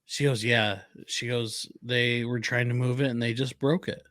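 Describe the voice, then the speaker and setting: A chatty male podcast co-host who laughs easily while telling stories. The recording is close and dry, with no room echo, and his voice sits at a medium pitch. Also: fairly even intonation, normal speed, a bit bright. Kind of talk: casual podcast chat.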